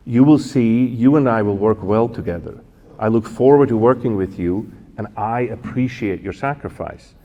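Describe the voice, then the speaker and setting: A man voicing a kindly elderly male church leader in a gentle, reassuring way, in his own mellow voice. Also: fairly low pitch, normal speed, dull audio, lightly acted. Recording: long hall reverb.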